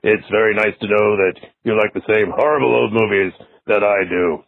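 A drawling, chuckling old horror host, as a man puts him on, lingering over each word in a low, husky voice. It comes through a tinny voicemail phone line with no room sound. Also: steady tone, fairly quick. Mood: ghoulish, playful. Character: impression of a gravelly old male horror host.

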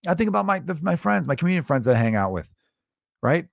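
A man's voice: on the high side, animated, quick pace, creaky, no room sound. Profane, exasperated male comedian ranting. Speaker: comedian and podcast host. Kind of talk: ranting podcast monologue.

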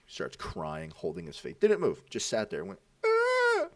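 A young man casually telling animated stories among friends, swearing freely and acting out what people said. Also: deep voice, brisk, no room sound, recorded from a distance.

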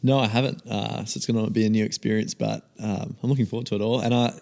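Young australian man, gravelly low voice, easygoing guest chat, studio. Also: little pitch movement, quick pace, darkish tone. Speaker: podcast guest, newlywed. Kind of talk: casual chat. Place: podcast studio.

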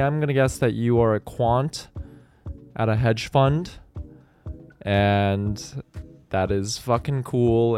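A podcast co-host with a smooth, medium-pitched voice chats casually. He's laid-back and joking, swearing now and then.

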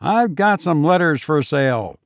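A man's voice: a little high, expressive, unhurried, dry recording, studio quality, pitched above the performer's own voice. A man voicing a broke young schemer with a light, mocking manner.

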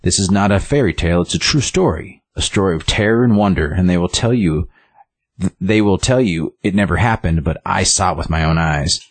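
A man's voice: sits low, brisk, no room sound. A man voicing a withered old male puppeteer from a comic, who talks in an insistent, ominous way.

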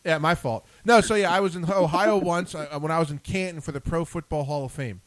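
A man's voice: on the high side, fairly quick, dry recording. A man hosting a live call-in podcast, rambling and self-deprecating, often repeating his words. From Philadelphia area, USA. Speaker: podcast host. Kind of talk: casual live call-in chat.

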